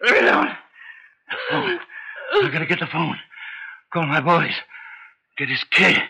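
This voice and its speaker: An actor playing a scheming, bullying old gangster boss who is bedridden and weak, talking in rough street slang in a 1960s radio drama. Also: male voice, on the high side, huge pitch swings, measured pace, pushed and bright, a little hiss or hum, full character voice, poor audio. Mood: desperate.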